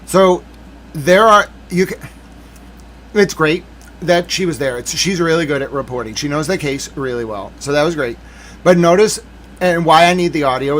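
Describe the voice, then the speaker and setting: A man hosts a live stream with a high-pitched voice. He rants with theatrical, mock outrage. He often drops back into casual musing. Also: slight background noise. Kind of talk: live-stream commentary rant.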